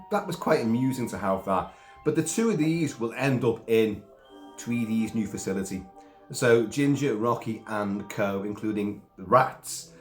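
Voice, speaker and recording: A man's voice: fairly low pitch, reverberant. A man, sick and coughing, giving a rambling casual film review with asides and mild swearing.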